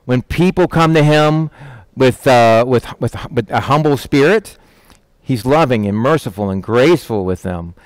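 A man's voice: animated, a little slow, no room sound, rough recording. Folksy, direct male preacher, dry sound. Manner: folksy, direct, acts out voices of disciples with a raised pitch. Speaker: pastor. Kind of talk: conversational sermon with Bible reading.

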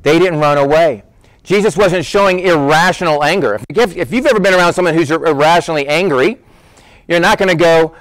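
A man preaching a conversational sermon, emphatic and animated, often repeating words as he drives a point home. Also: on the high side, fairly quick, dry recording. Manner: conversational, addresses listeners as "guys". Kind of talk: sermon, Bible teaching.

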